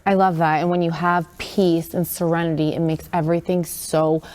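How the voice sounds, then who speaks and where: Low-voiced enthusiastic woman host. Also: flat delivery, normal speed, a little mellow. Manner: enthusiastic, affirming interviewer. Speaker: podcast host. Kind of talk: casual podcast conversation.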